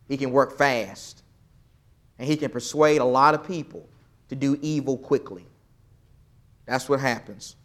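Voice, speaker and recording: A man leading a Bible study lesson, quizzing the class and swinging from loud emphasis to quiet, soft remarks. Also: mid-range voice. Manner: questions the class, swells loud then drops soft for emphasis.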